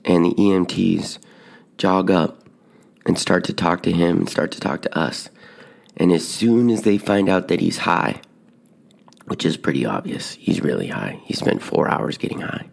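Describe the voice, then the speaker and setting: Low gravelly man telling a story. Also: measured pace. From Tucson, Arizona. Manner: animated, drops to hushed whispers at dramatic moments. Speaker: podcast host telling stories. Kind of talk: casual storytelling.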